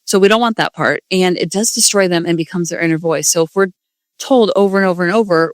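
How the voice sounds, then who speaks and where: A woman's voice: fairly low pitch, fast talker, dry recording. A woman hosting a parenting podcast, talking casually and earnestly, with self-deprecating asides. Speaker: podcast host, parenting coach. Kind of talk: casual solo podcast talk.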